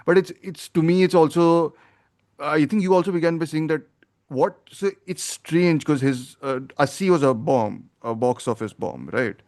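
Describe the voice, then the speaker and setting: A man's voice: a little high, moderate pace, a little mellow. A man hosting a film podcast, talking in a rambling, opinionated way as he thinks aloud. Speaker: podcast host. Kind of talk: casual film review chat.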